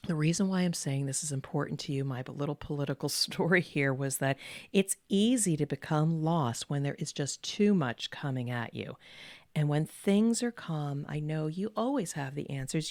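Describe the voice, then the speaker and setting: Middle-aged woman host, low steady voice, calm measured delivery, dry close room. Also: no echo. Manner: calm, measured, with deliberate pauses; earnest and encouraging, repeats key words. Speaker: podcast host and executive coach. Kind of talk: direct-to-camera advice talk.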